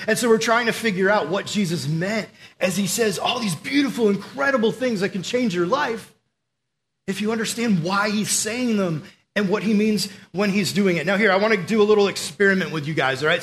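A young adult man giving a casual, energetic sermon, telling stories and acting out the voices he quotes. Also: high-pitched, fairly quick.

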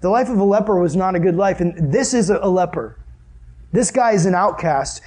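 Husky, high-voiced earnest young preacher. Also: male voice, fairly quick, darkish tone. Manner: earnest, conversational preaching with rhetorical questions. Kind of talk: sermon.

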